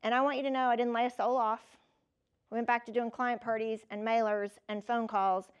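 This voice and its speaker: A woman in her fifties giving a motivational keynote, telling personal stories in a lively, conversational way and talking straight to the audience. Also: a little high, a little fast, smooth, dull audio. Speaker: keynote speaker.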